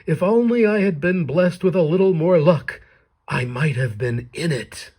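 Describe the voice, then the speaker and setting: A man's voice: a little high, lively intonation, darkish tone, husky, pitched above the performer's own voice. A man playing a mournful sad-sack old man. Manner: slow, mournful and drawn-out.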